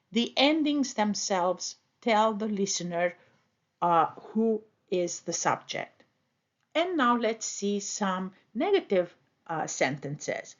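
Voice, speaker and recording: A woman teaching a language lesson as a voice-over, explaining step by step in careful, deliberate phrases. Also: mid-range voice. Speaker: Spanish teacher. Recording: dull lo-fi voice-over.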